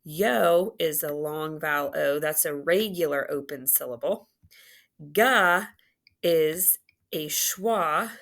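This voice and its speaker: A woman's voice: low-pitched, creaky, fairly bright tone. A woman teaching a phonics lesson, patiently sounding out and drawing out words and syllables. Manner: slow, patient, drawn-out enunciation of sounds.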